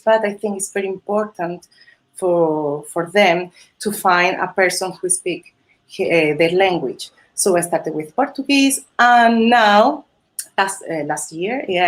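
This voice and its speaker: A woman with a Spanish accent speaks English as a second language in a relaxed live interview. She talks at a mid pitch, hesitating often with fillers and restarts and laughing easily between phrases. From Spain. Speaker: Spanish teacher and holiday host. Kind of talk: casual interview chat. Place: video call or live stream.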